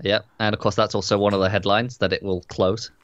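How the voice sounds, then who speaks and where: A man co-hosting a TV review show, chatting casually in a measured, agreeable way. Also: lowish voice, flat delivery, no echo, muffled recording. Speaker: TV review podcast co-host. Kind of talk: casual chat.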